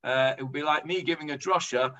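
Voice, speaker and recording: High-voiced English man teaching Talmud. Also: a little fast, pushed and bright, dull audio. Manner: chatty explaining, lots of hesitations. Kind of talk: informal Talmud class.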